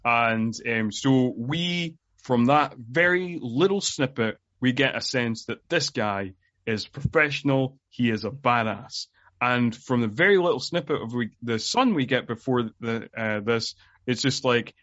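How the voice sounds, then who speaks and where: Laughing podcast host, muffled audio. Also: male voice, medium pitch, a little slow. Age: 40s. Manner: laughs often, rambling, animated. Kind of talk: casual podcast chat. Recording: dull lo-fi remote audio.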